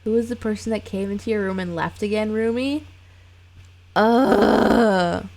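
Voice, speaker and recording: A woman streaming casual reaction commentary on a horror film, blunt and expressive, groaning and cursing freely. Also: mid-range voice, measured pace, vocal fry, noisy background.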